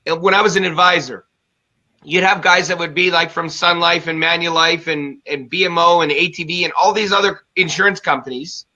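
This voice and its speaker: A male host talks with emphatic, fired-up energy, his voice forceful and bright and pitched a little high. The sound is somewhat dull and lo-fi. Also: steady tone. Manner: fired-up, emphatic and fast-talking. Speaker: show host. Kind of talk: energetic conversational interview.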